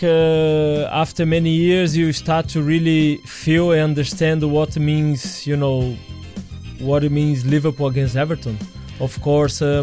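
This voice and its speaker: A man speaking as a sits for a casual radio interview. He talks hesitantly, piling up fillers and restarting sentences as he searches for words. Soft music plays underneath. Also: fairly high pitch. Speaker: guest, former footballer.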